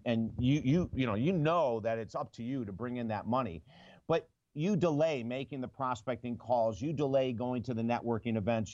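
A man's voice: medium pitch, a little mellow, no room sound, lo-fi sound. A man, an author being interviewed, who tells stories with lots of energy and acts out the people he quotes. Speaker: author and guest. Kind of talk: conversational interview storytelling.

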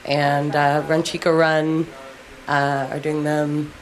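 A woman's voice: sits low, level tone, slow, rough recording. A woman in a band, chatting casually on the radio in a rambling, giggly, self-deprecating way. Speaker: band member guest.

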